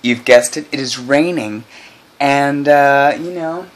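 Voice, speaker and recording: A man's voice: mid-range voice, slow. A man vlogging casually at home while making coffee, rambling with self-mocking, mumbled asides.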